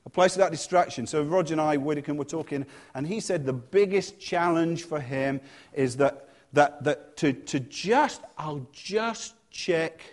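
A male church leader preaching in a lively, conversational way, with humorous asides and quieter moments on softer points. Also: fairly high pitch, moderate pace. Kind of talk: sermon.

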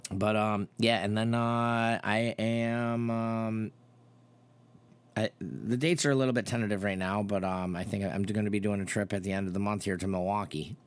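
A man in casual chat, telling a rambling story and acting out quoted lines with sudden jumps in pitch. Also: fairly even intonation, normal speed, clear, resonant tone, no echo.

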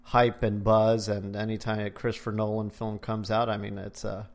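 A man's voice: on the low side, flat delivery, moderate pace. A man co-hosting a casual podcast, trashing movies bluntly and trailing off into mumbles. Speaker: podcast co-host. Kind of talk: casual chat.

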